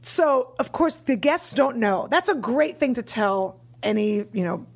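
High-voiced woman telling animated stories. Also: measured pace. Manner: animated, acts out quotes in raised voices. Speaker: stand-up comedian. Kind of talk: casual podcast storytelling.

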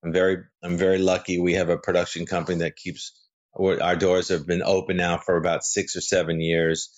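Deep-voiced man rambling warmly in interview. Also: a little fast. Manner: rambling, self-correcting, animated. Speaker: guest actor. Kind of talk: casual interview chat.

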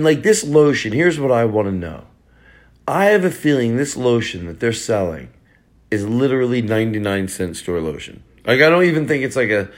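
Man, middle-aged, podcast host, casual comedic riffing, low pitch. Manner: jokey, rambling, repeats bits for laughs.

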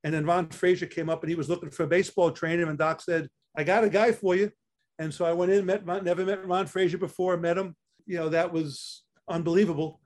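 Slightly high, with little pitch movement and a quick pace, an older man from Staten Island speaks with a New York accent. He's a guest on a casual interview, an athletic trainer swapping career stories and often repeating himself.

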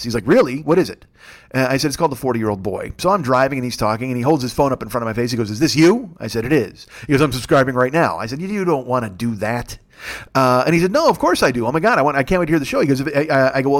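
A man's voice: medium pitch, a bit bright. A man in his fifties, a comedian and podcast host, telling a rambling, profane story with exasperated rants. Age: 50s. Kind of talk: storytelling monologue.

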